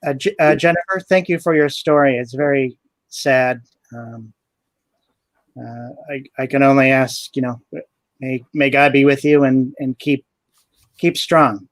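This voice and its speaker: A man speaking as a guest on a video call, soft-spoken, polite and a little hesitant. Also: medium pitch, steady tone, unhurried, long pauses, no room sound. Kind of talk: casual chat on a video call.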